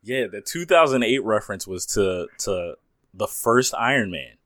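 A man's voice: fairly low pitch, expressive, moderate pace, fairly bright tone, no echo, clean studio sound. A man co-hosting a podcast, chatting about movies in a laid-back, agreeable way. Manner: laid-back, agreeable, short replies and laughs. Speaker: podcast co-host. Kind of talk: casual movie chat.

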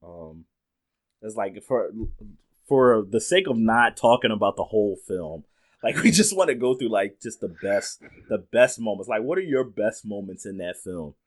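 Excitable man chatting about a movie. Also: lowish voice, normal speed. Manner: laughs often, animated retelling with quoted lines. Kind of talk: casual movie chat.

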